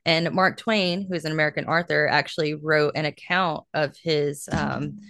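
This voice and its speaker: Young woman, podcast co-host, low pitch, dry, chatty with fillers. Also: steady tone, moderate pace, creaky, fairly bright tone, dry recording. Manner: chatty, laughs easily, lots of fillers. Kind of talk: casual chat.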